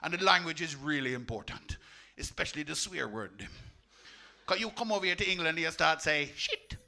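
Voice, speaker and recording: A man with a Jamaican accent doing stand-up comedy, animated and slipping into patois. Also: fairly high pitch, brisk, creaky, a little hiss or hum. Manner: animated, slips into Jamaican patois, laughs through lines.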